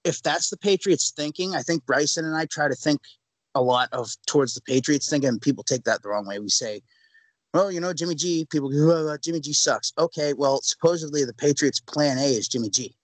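A man co-hosting a sports podcast in casual chat, animated and ranting with rhetorical questions. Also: mid-range voice, brisk, no room sound, poor audio. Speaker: podcast co-host.

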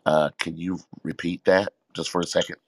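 A man who is a pastor, talking earnestly in a halting way on a faith podcast. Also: low-pitched, level tone, no echo. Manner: halting, many fillers and restarts, earnest. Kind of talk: casual faith talk.

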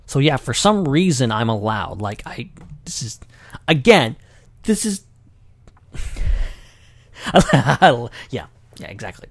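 A man hosting a casual podcast, rambling along in a self-deprecating, jokey way. His voice has a gravelly edge and swings widely in pitch. The sound is dry and close, with no room around it. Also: sing-song, slow pace, pauses often, dry recording. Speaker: podcast host. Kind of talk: casual livestream chat.

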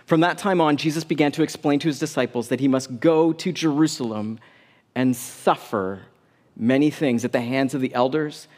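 A man's voice: mid-range voice, moderate pace, darkish tone. A man pastor preaching a sermon in a conversational way, with casual asides to the congregation. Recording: long reverb of a large hall.

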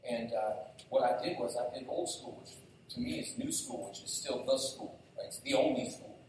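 A man preaching a sermon as pastor, telling stories with lively energy and asking the congregation questions directly. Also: medium pitch, moderate pace, background noise. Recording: very echoey hall, distant mic.

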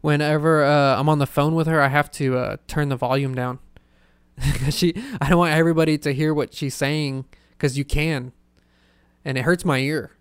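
Young guy, podcast host, loose rambling chat, smooth clear voice, dry close sound. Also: fairly high pitch, fairly even intonation, moderate pace, dry recording. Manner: rambling, full of "like" fillers and laughter. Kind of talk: casual storytelling chat.

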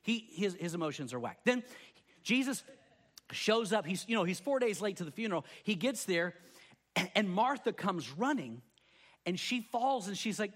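A man preaching a sermon, telling scripture stories with lively acted-out voices. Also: sits high, moderate pace. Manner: animated storytelling, acting out quoted voices. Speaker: pastor.

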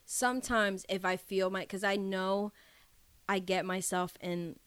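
A woman's voice: mid-range voice, steady tone, unhurried, fairly bright tone, clean tone, dry recording. A woman co-hosting a podcast, chatting casually in a rambling way with frequent restarts and swearing. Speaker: podcast co-host. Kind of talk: casual chat.

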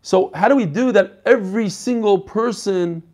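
Man, Talmud teacher, lively, slightly high voice, video call mic. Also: normal speed. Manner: animated, questioning the class. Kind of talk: online Talmud class. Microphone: computer mic on a video call.

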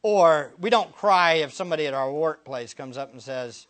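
Bright-voiced preaching pastor, whisper to shout. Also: male voice, on the high side, lively intonation, normal speed. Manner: swings from hushed near-whispers to loud emphatic preaching; rhetorical questions, repeated for emphasis. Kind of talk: sermon.

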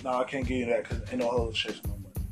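A man's voice: mid-range voice, fairly even intonation, rapid-fire, over music. A man co-hosting a casual podcast chat, laid back, mostly short replies. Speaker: podcast co-host.

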